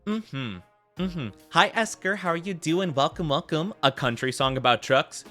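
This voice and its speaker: A man's voice: a little high, expressive, normal speed, bright, forceful tone, faint music behind. A man chatting casually with viewers on a live game stream, rambling and giggly with lots of filler words.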